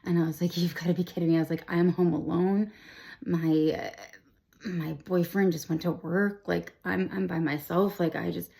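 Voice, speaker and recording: Young woman with heavy vocal fry. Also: fairly low pitch, flat delivery, normal speed, dark tone. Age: 20s. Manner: rambling, emotional, full of "like" and restarts. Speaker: vlogger sharing her cancer diagnosis. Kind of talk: candid personal storytelling to camera.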